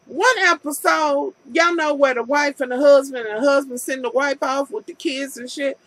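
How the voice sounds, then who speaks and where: A woman's voice: high-pitched, steady tone, fairly quick, no room sound, poor audio. A woman vlogger recapping a TV episode in a casual, profane rant, acting out scenes with incredulous commentary.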